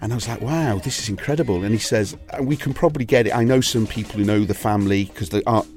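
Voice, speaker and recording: Welsh male guest, low register, chatty storyteller, faint music underneath. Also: fast talker, darkish tone. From Wales. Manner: rambling anecdotal storytelling, frequent restarts. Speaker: DJ and record label owner, interview guest. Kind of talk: casual interview chat.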